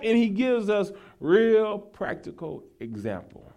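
A male pastor preaching a sermon, mixing folksy asides to the congregation with rising, shouted exhortation. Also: very high-pitched, big pitch swings, normal speed. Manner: folksy, talks to the congregation as y'all.

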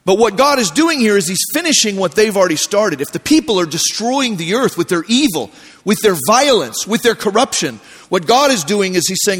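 Male pastor, sermon, high voice, chatty storytelling, long church reverb. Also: a little fast, husky. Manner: conversational storytelling with lively voiced asides.

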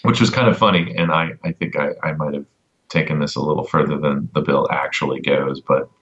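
A man on a casual podcast giving an advocacy update, halting with many ums and restarts and a dry sense of humor. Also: a bass voice, steady tone, fairly bright tone, dull audio.

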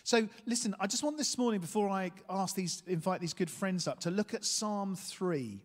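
A man preaching a sermon, telling a story with lively energy and asking his listeners questions. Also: high-pitched, moderate pace. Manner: animated storytelling, asks the room questions. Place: church hall. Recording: long hall reverb.

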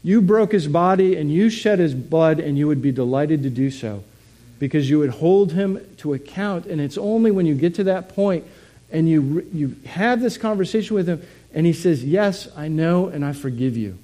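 A man's voice: fairly high pitch, animated, normal speed, dark tone. A man preaching a sermon in a conversational way, often asking his listeners questions. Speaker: pastor.

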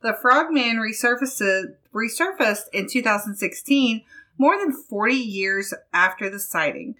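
A woman from Ohio co-hosting a casual podcast and reading a news story aloud. She speaks slowly and unhurriedly, with a bright, sharp tone. She giggles easily as she goes. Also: a little high, lively intonation. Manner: giggly, laughs often while reading. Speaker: podcast co-host.

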